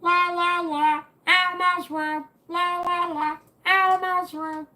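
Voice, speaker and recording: A man putting on a squeaky, high childlike voice and singing a drawn-out tune. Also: level tone, bright, forceful tone, exaggerated voice. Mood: singsong. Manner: singsong, drawn out.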